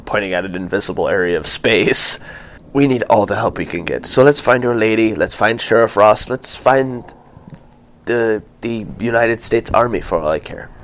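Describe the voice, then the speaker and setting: A man's voice: on the low side, a bit bright, slight background noise. A man player speaking earnestly in character in a tabletop game. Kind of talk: tabletop role-play.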